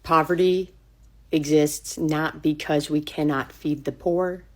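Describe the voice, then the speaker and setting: Brief: woman, low voice, solemn and emphatic. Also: steady tone, takes it slowly, darkish tone.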